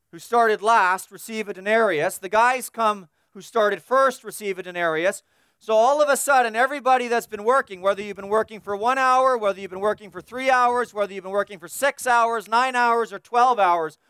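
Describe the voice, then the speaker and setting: A man's voice: very high-pitched, fairly bright tone, smooth, no echo, studio quality. A man preaching an expository sermon, emphatic and repetitive, building his points through long lists.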